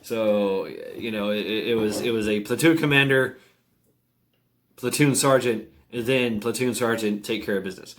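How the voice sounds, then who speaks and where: A middle-aged man telling an army story in a casual, halting way, with many fillers and restarts and frequent chuckles. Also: on the low side, a bit bright, a little hiss or hum. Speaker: military veteran storyteller. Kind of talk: casual spoken anecdote.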